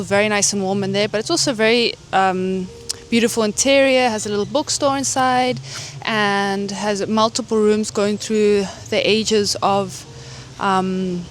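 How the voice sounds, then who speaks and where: A woman's voice: mid-range voice, a little hiss or hum. A woman chatting casually to camera in a travel vlog, rambling with lots of fillers, filmed on a handheld phone. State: hiccuping. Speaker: travel vlogger. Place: city streets and hotel lobby.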